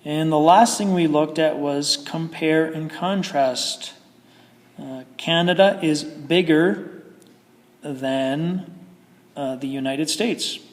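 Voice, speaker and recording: A man's voice: a little high, slow, big-room sound. A man teaching English grammar in a patient, explaining manner with frequent fillers. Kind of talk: recorded grammar lesson.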